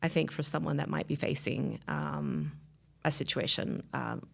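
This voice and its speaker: Low gravelly woman in her thirties telling a personal story, animated, does the voices of people in it. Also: normal speed. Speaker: guest sharing her story. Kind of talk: emotional personal testimony.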